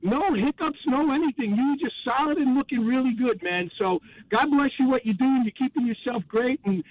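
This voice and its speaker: A man with a very high voice calls in to a radio show, sounding tinny and thin over the phone line. He talks at length in an earnest, friendly way. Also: fairly quick, no room sound. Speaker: caller. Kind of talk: caller praising the hosts on air.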